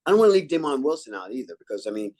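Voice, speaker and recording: An older man from New York talks through his acting career in an easygoing interview. His voice sits in a middle register, and he slips into lively acted-out quotes as he tells the stories. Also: mid-range voice, rapid-fire. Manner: animated, acts out quotes and catchphrases. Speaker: actor guest. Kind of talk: relaxed interview storytelling.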